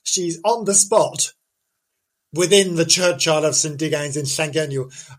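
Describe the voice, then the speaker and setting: A man's voice: on the high side, unhurried. A man hosting, telling a folk tale as a comic monologue, full of rambling self-interruptions and silly asides. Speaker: host.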